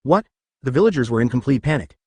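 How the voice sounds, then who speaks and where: Lively, dry synthetic male storyteller. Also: medium pitch, fast talker, slightly rough, no room sound. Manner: reads censored words out as asterisks. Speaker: narrator. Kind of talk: synthetic audiobook narration.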